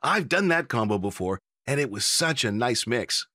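A man's voice: medium pitch, animated, normal speed, pushed and bright, dry recording, studio quality. A man voicing an easygoing young diner in a scripted textbook dialogue. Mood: friendly. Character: young man suggesting poke toppings.

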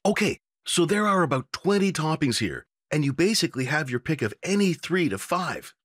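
A man's voice: a little high, sing-song, moderate pace, a bit bright, dry recording. Man reading textbook dialogue, casual young guy, dry sound. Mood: friendly. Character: young man suggesting poke toppings.

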